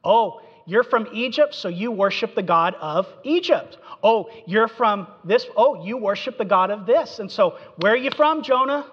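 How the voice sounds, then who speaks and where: A man voicing frightened pagan sailors who plead and question quickly, in a dull recording in a reverberant hall. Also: high voice, expressive. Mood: anxious pleading.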